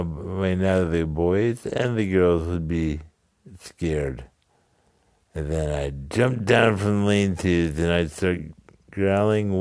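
A man with a deep voice tells a story at an easy, unhurried pace. He halts and restarts, tossing in casual asides. The sound is dry and close. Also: a little mellow, dry recording.

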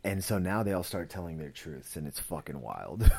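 A man's voice: low-pitched, big pitch swings, moderate pace, creaky, a little mellow, slightly rough. A man hosting a podcast, recapping a series in a loose, rambling way, full of "like" and "you know" and frequent swearing. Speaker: podcast host reviewing a series. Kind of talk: casual spoken recap.

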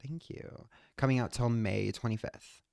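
Hoarse young woman with a gravelly voice. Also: very deep voice, moderate pace, darkish tone. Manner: blunt, joking, swears casually. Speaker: podcast host. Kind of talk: casual chat. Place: own bedroom.

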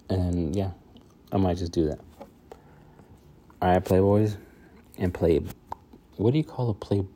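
This podcast host has a low-pitched, mellow voice. He chats casually on his own, with a loose flow marked by many fillers and restarts.

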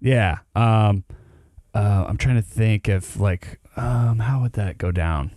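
A man's voice: on the low side, slow, dark tone, no echo, clean studio sound. A man co-hosting a podcast, chatting casually about a TV show, rambling with lots of fillers. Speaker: podcast co-host. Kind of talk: casual chat reviewing a TV show.

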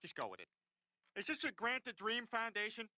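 A man's voice: extremely high pitch, big pitch swings, a little fast, bright, forceful tone, a little hiss or hum, heavily acted. A man voicing a bumbling, scheming middle-aged cartoon dad with a brash, gleeful manner. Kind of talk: cartoon sitcom acting.

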